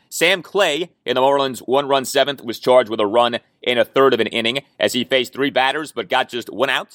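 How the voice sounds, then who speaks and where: A man's voice: medium pitch, a bit bright, no echo. A man hosting a sports talk podcast, giving an opinionated, stats-heavy rundown of a baseball game from a studio microphone. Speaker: podcast host.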